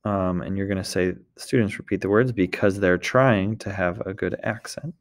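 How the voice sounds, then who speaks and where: A man's voice: deep voice, normal speed. A man teaching a recorded French lesson, explaining step by step and often checking in with the class.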